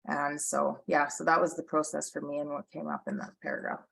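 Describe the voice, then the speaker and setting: A woman's voice: sits low, sing-song, fairly quick, vocal fry, a bit bright, husky, low-quality recording. A woman co-hosting a recovery podcast, telling her own story earnestly in casual talk with many fillers and restarts. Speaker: podcast co-host. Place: Medicine Hat, Canada, as origin of story not origin.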